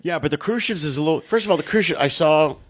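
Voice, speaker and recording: A man co-hosting a comedy podcast, telling animated stories with swearing and frequent laughter. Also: on the high side, fast talker, a little hiss or hum. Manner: animated storytelling, profane, laughs often. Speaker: podcast co-host. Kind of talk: casual comedic chat.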